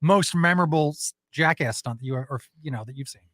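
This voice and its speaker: A man's voice: a little high, brisk, a bit bright, no room sound, studio quality. A man co-hosting a morning radio show, joking around and asking a meandering question. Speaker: radio co-host. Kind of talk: casual morning radio talk. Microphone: studio microphone.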